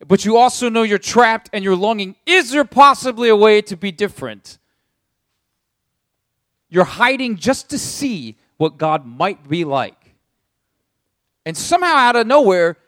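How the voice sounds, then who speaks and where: A man's voice: high voice, dry recording, clean studio sound. A man preaching a sermon as a pastor, telling the story vividly and speaking straight to his listeners. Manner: animated storytelling in second person.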